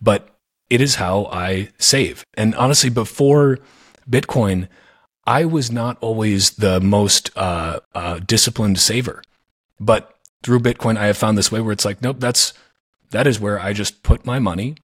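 Male podcast host, low and husky, earnest and reflective, restarts often. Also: measured pace. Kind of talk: casual podcast conversation.

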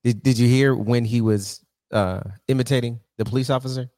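A man's voice: mid-range voice, fairly even intonation, brisk, darkish tone, no echo, clean studio sound. Teasing male podcast co-host. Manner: teasing, playful questions. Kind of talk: casual podcast chat.

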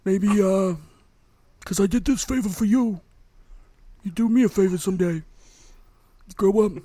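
A woman talking like a gruff mob boss, calling in a favor, as a man puts her on. The voice is slightly raised and comes across as tough and bargaining. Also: high voice, normal speed, mellow, dry recording, pitched above the performer's own voice. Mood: menacing, jokey. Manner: gruff, bargaining mobster talk.

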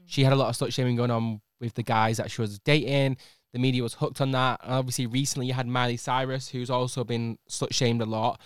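A man's voice: medium pitch, level tone, a little fast, clear, resonant tone, no room sound, studio quality. A young man co-hosting a casual podcast, joking and teasing. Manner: joking, teasing, reads quotes aloud. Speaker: podcast co-host. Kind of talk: casual chat.

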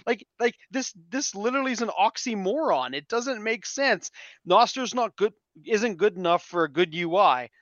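A man in casual podcast chat, telling stories in an animated way, repeating words and swearing now and then. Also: high voice, normal speed, no echo, highs cut off. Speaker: podcast guest.

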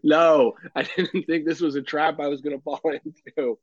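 A man's voice: a little high, fairly even intonation, moderate pace, no echo. A man in his thirties, co-hosting a casual podcast chat, telling stories animatedly with lots of laughter and casual swearing. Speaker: podcast co-host. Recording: dull, lo-fi dry sound.

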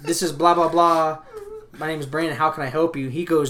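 A man's voice: on the high side, moderate pace. Profane young man telling a story. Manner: profane, animated, acts out both sides of phone calls. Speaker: podcast host. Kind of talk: casual storytelling chat.

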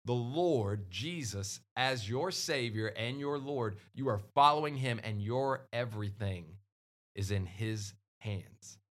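A man hosting a casual Christian podcast, talking earnestly and hitting his points hard with loud peaks. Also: medium pitch, slow. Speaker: podcast host.

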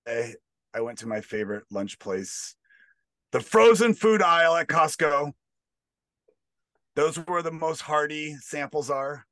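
A man performing a stand-up comedy bit, deadpan with rambling asides. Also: on the high side, no room sound.

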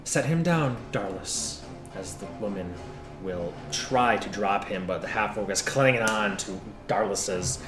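A man's voice: low-pitched, fairly even intonation, unhurried, roomy sound, over music. A man narrating as game master in a laid-back way, describing scenes with casual swearing.

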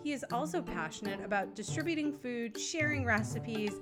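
A woman's voice: on the high side, expressive, moderate pace, loud music behind the voice. Bubbly podcast host woman. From Northeastern USA. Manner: bubbly, laughing, enthusiastic. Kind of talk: casual podcast chat.

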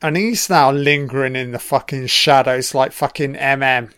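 A man's voice: medium pitch, fairly even intonation, moderate pace, fairly bright tone, clear, resonant tone, no echo, clean studio sound. A British man giving an audio commentary over a film, swearing constantly and heckling the characters on screen.

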